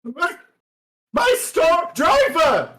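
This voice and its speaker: A player doing a shrill, fussy rich lady. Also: big pitch swings, drawn-out words, fairly bright tone, roomy sound, full character voice. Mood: distraught. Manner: shrill, indignant and dramatic. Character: fussy wealthy lady passenger in 1920s.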